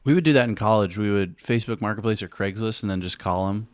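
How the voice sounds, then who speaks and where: A man's voice: fairly low pitch, quick pace, dry recording. Joking male podcast co-host, dry sound. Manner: joking, crude banter. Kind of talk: casual podcast chat.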